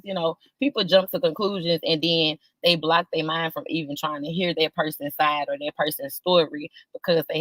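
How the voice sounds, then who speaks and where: A woman hosting a live stream, greeting viewers one by one in a casual chat, with drawn-out greetings that jump up high. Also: no room sound. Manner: warm, drawn-out greetings with sudden high lifts.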